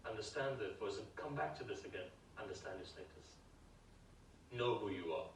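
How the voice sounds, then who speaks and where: A man delivering a sermon, telling a sacred story with deep emotion and rising into emphatic pleas. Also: lively intonation, brisk, slight background noise. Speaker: preacher. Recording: roomy, from far off the mic.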